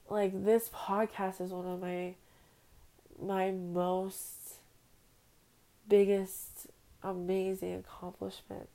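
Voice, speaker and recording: Gravelly, slow-talking woman podcaster. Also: mid-range voice, mellow, poor audio. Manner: heartfelt, rambling, emotional. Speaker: podcast host. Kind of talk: personal monologue. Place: at home on a bed. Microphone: phone.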